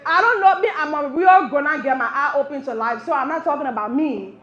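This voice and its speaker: A woman from Liberia with a Liberian English accent doing animated live stand-up comedy, acting out voices as she goes. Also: sits high, brisk, some chatter behind. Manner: animated, acts out voices, laughs through lines. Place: cafe stage with live audience. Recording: roomy, dull live venue recording.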